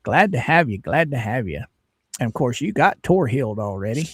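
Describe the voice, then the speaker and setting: Folksy man with lively pitch. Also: moderate pace, husky, no room sound, studio quality. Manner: folksy, greets viewers by name. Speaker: livestream host. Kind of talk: casual livestream chat.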